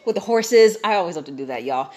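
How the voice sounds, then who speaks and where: A young woman chatting casually, telling an animated story and quoting herself and others along the way. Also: lowish voice, quick pace.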